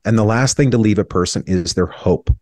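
Speaking with a lowish, slightly mellow voice at a brisk pace, a man in his thirties shares a painful story from his life as an interview guest. He's earnest and reflective, and at times emotion makes his voice break. The recording is dry and studio quality.

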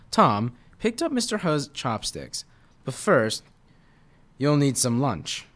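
A man's voice: medium pitch, big pitch swings, takes it slowly, long pauses. A man reading a children's novel aloud in a casual way, with slips and restarts. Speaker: reader.

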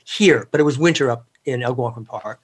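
A man's voice: medium pitch, fairly quick, slightly rough. A middle-aged man as an interview guest, telling family stories in a rambling, chatty way with plenty of fillers. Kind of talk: casual storytelling interview.

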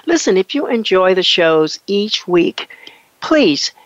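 A woman's voice: mid-range voice, big pitch swings, takes it slowly, no room sound. A woman hosting a radio-style podcast, talking enthusiastically and heaping praise on her guest. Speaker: podcast host. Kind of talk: radio talk show hosting. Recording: dull lo-fi dry sound.

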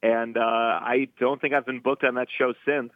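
A man's voice: medium pitch, little pitch movement, normal speed, no room sound. A man, a stand-up comedian guest, telling a rambling, self-deprecating story. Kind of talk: casual anecdote telling. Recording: dry tinny phone line.

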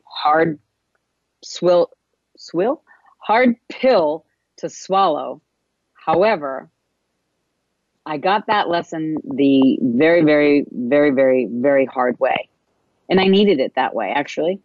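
A wellness coach giving a casual spiritual self-help talk, meandering along with frequent pauses and fillers. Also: mid-range voice, animated, no echo. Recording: dull, muffled recording.

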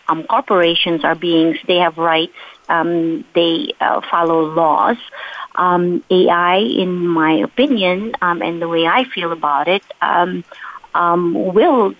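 A woman's voice: on the low side, slow pace, muffled recording. A woman design executive on a panel, speaking hesitantly over a remote call. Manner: hesitant, many fillers and restarts. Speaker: chief design officer, panel guest. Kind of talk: panel discussion.

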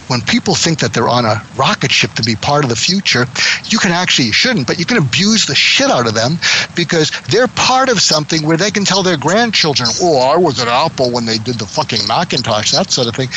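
A man's voice: a little high, sharp tone, slight background noise, poor audio. A man doing an impression of a famous tech founder, talking bluntly and profanely about business in improvised role-play over a video call.

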